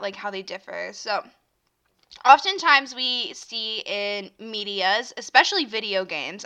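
A woman's voice: mid-range voice, bright, forceful tone, clear, resonant tone. A young woman hosting her own podcast, chatting casually and rambling with lots of fillers while she has the hiccups. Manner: chatty and rambling, many fillers and self-interruptions. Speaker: podcast host. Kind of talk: casual solo podcast chat.

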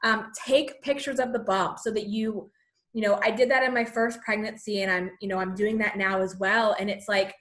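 A woman's voice: mid-range voice, fairly even intonation, moderate pace, a bit bright. A pregnant woman in her thirties talking casually to her viewers, chatty and encouraging, often saying "you know" and a little out of breath. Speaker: vlogger sharing pregnancy advice. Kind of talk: casual talk to camera.

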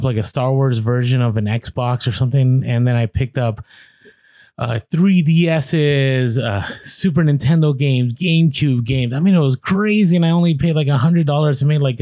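A man co-hosts a podcast, talking in a loose, reflective way. His voice is mellow and dark at a middle pitch. The sound is dry and close. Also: normal speed, no echo. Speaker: podcast co-host. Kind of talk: casual chat.

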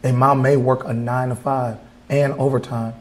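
A man's voice: mid-range voice, flat delivery, moderate pace, reverberant, low-quality recording. A male artist from Wisconsin talking in a casual interview in an art gallery, blunt and heated, swearing freely. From Wisconsin, USA. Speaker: artist guest.

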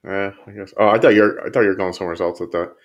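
Low-voiced easygoing guy, swearing freely. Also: steady tone, very fast. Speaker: podcast guest. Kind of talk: casual chat.

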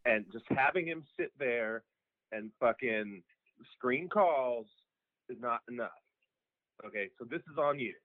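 A man's voice: mid-range voice, animated, measured pace, long pauses, no echo. Cocky man on a tinny phone line. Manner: cocky, brash, bro-talk. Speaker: caller.

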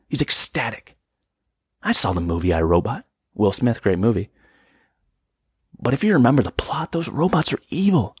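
Husky young man ranting on a podcast. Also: dry recording, studio quality. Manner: exasperated ranting with sudden high-pitched outbursts. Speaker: podcast host. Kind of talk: comedic solo podcast rant. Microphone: podcast microphone.

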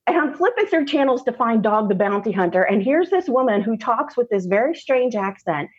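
A woman, a podcast guest telling a personal story candidly, laughing often and slowing down for emphasis. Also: on the high side, big pitch swings, breathy edge, highs cut off.

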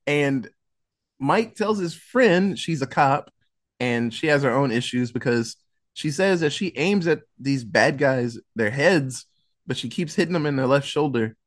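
Man, podcast co-host, casual movie recap, rambling, filler words, medium pitch. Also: animated, unhurried. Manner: rambling, lots of "like" fillers and restarts; casual, chuckles while recapping.

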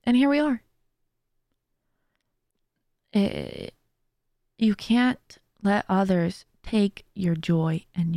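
A woman's voice: medium pitch, lively intonation, slow, dark tone, no room sound, clean studio sound. A woman hosting her own podcast, talking in a casual, heartfelt way and giving earnest, faith-driven encouragement. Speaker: podcast host and streamer. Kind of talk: casual motivational podcast monologue.

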